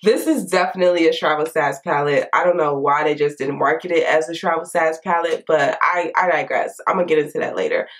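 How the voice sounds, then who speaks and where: A hoarse, congested woman, chatting frankly to camera in a casual makeup review. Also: low-pitched, a little fast, few pauses. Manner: chatty, frank, lively asides. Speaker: beauty vlogger.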